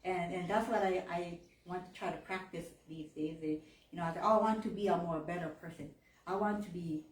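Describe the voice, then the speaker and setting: A woman's voice: on the low side, steady tone, a little fast. A woman in her thirties from gives a candid personal faith talk in church, acting out quoted voices and laughing often. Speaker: church member giving a talk. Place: church hall. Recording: roomy, from far off the mic.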